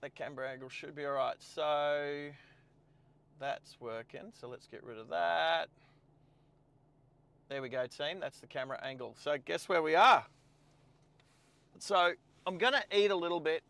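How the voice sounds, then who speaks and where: Australian male stream host, casual and rambling, slightly raised pitch. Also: unhurried, vocal fry, long pauses, sharp tone, clean tone. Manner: chatty, thinks aloud while setting up. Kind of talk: casual live-stream chat. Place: in a car.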